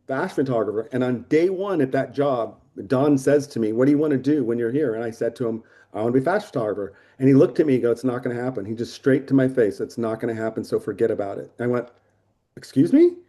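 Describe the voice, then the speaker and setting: A man in his sixties telling stories of his career as a photographer in a casual interview, lively, swearing, acting out the people he quotes. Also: mid-range voice. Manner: animated, swearing storyteller who acts out quotes. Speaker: photographer guest.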